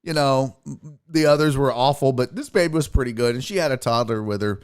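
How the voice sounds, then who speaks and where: A man's voice: mid-range voice, a little fast, clear, resonant tone. A young man hosting a podcast, telling a story casually, swearing and laughing often. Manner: profane, animated, laughs often. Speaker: podcast host.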